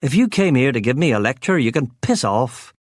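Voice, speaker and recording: A man's voice: mid-range voice, sing-song, fairly quick, breathy edge, dry recording, clean studio sound. A man voicing a blunt, defiant prisoner in an audiobook, speaking curtly. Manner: defiant, curt. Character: blunt Belfast man in a jail cell. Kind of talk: audiobook character voice.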